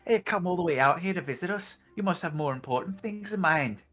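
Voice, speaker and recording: A woman's voice: lowish voice, expressive, a little fast, a bit bright. A woman voicing a cheerful, helpful young male townsman in a Scouse accent, reading game dialogue. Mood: surprised. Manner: chatty and polite, bursts of hearty exclamation. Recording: background music under the voice.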